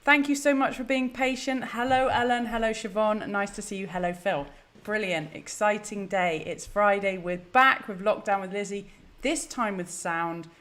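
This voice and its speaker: A woman's voice: mid-range voice, moderate pace, hardly any pauses, fairly bright tone. A woman hosting a live stream, chatty, flustered and self-deprecating. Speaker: host. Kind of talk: casual live-stream chat.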